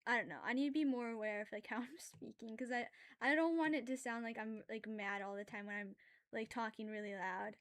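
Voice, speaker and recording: Drawing live for her audience, a woman talks briskly in a slightly high voice, keeping things casual. One moment she's ranting loudly and animatedly, the next she's quiet and apologetic; she's talkative and self-aware, full of fillers and laughs.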